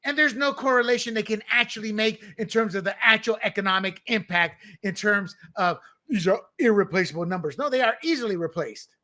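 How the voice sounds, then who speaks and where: A man hosting an opinionated political commentary show, talking in an emphatic, combative way. His voice sits high for a man and has a bright, forceful edge. He sounds scornful as he argues his points.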